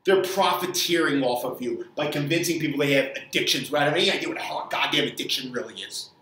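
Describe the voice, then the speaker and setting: A male fitness trainer rants angrily to camera in a forceful, tense voice that sits a little high for a man. He swears freely and trips over repeated words as he pushes his opinion. The sound is roomy and echoey, picked up from some distance off the mic. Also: fast, slight background noise. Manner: angry, profane ranting with repeated words.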